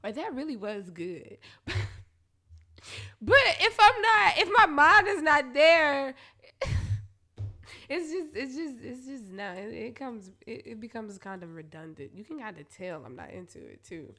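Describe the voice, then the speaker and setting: Brief: high-voiced woman, tipsy, candid and crude, laughs a lot, bright tone. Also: expressive, unhurried, pauses often. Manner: blunt, profane, laughing often. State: a little tipsy. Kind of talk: casual confessional storytelling. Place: alone at home.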